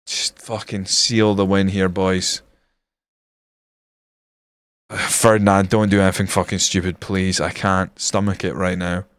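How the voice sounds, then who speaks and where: A man live-streaming a football management game, swearing often and reacting loudly to the match as he chats with viewers. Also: deep voice, flat delivery, unhurried, pauses often, clean tone, no echo.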